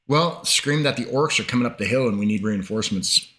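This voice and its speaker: A man playing a tabletop game, agreeing quickly and suggesting plans in a casual way. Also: medium pitch, pushed and bright. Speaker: player. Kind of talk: casual tabletop planning talk.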